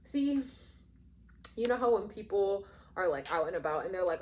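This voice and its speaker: A woman's voice: mid-range voice, lively intonation, normal speed, a little mellow. A woman giving a casual tarot reading, rambling and chatty with lots of fillers, often acting out imagined quotes. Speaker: tarot reader.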